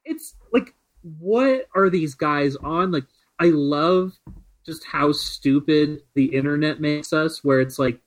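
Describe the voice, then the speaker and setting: A man's voice: fairly high pitch, takes it slowly, rough recording. Rambling man full of filler words. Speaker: podcast co-host. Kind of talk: casual chat.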